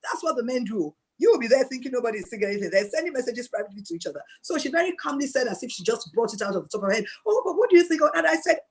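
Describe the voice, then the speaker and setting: A Nigerian woman speaking as a guest on a mentoring video call, telling lively stories and acting out the dialogue. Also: a little high, rapid-fire, hardly any pauses, breathy edge. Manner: animated storytelling, acts out dialogue. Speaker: guest speaker and board chair.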